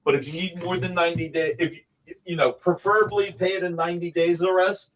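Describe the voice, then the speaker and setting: A man's voice: sits high, fairly even intonation, brisk, low-quality recording. A man on a casual live stream, laying out prices and payment terms for original comic art in long, rambling explanations.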